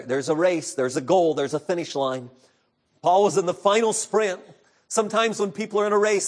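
A man preaching an evening sermon, earnest, moving between hushed, quiet passages and impassioned outbursts. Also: a little high.

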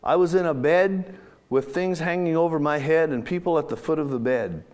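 Here a man with a slightly high, slightly mellow voice narrates a first-person story in church. He reads at a slow, dramatic pace, letting his pauses stretch out.

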